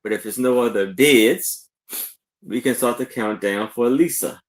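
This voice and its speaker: A man co-hosting a live online sale, describing an old framed photo in slow, halting talk full of fillers. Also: mid-range voice. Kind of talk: casual live sale chat.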